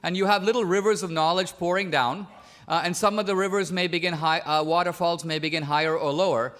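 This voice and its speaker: A man from India debating on stage, his voice sitting a little high. He argues in a pressing, methodical way, stacking question on question. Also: steady tone, brisk, fairly bright tone. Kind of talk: public debate.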